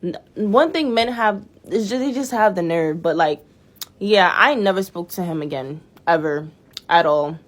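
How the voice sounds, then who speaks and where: A woman's voice: fairly low pitch, unhurried. A young woman in a casual storytime vlog, telling a dating story in a blunt, profane and exasperated way.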